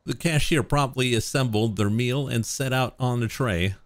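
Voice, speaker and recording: A man's voice: medium pitch, unhurried, few pauses, no room sound. A man streaming a visual novel, reading the narration and characters aloud and breaking off into joking asides. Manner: reads narration, then drops into joking asides.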